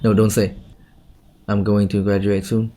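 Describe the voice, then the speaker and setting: A man's voice: on the low side, flat delivery, measured pace, mellow, a little hiss or hum. A man coaching a student for a speaking test, correcting her often and ending phrases with "okay?". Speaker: IELTS speaking teacher.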